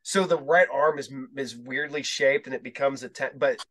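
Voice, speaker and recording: A man's voice: medium pitch, moderate pace, a bit bright. A male podcast host telling rambling, profane stories in casual chat, acting out the dialogue as he goes.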